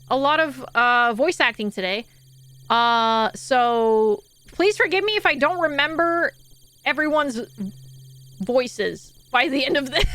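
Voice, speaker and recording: A woman streamer chatting casually with her viewers, laughing and swearing freely, then reading second-person game narration in a slower, softer voice. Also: high voice, poor audio. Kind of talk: casual live-stream chat and reading game text aloud.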